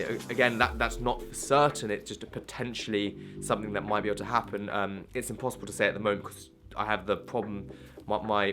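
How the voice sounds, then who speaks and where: A man's voice: lowish voice, a bit bright. A young man talking candidly to camera in a casual vlog, rambling with many restarts and fillers. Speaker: vlogger.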